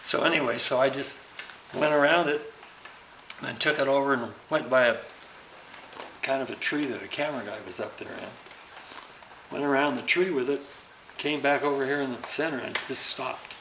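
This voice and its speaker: A man's voice: medium pitch, normal speed, pauses often, a little hiss or hum. Older man spinning a stunt yarn. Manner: animated, acts out the action with sounds and laughter. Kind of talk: anecdotal storytelling. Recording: roomy recording.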